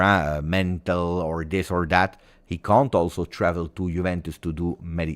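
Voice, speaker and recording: A man hosting a fan channel, chatting casually on a livestream, rambling with fillers and self-corrections. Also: sits low.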